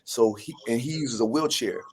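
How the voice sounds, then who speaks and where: A guest actor tells a story in a loose, chatty interview, his voice easy and mid-pitched at a normal speed. He takes on the voices of the people he quotes and stumbles through restarts, with slight background noise behind him.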